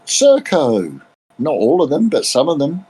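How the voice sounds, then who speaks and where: An older man in a casual political chat, talking haltingly with many restarts and repeated words. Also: fairly high pitch, wildly swooping pitch, dark tone, slightly rough. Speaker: discussion panelist.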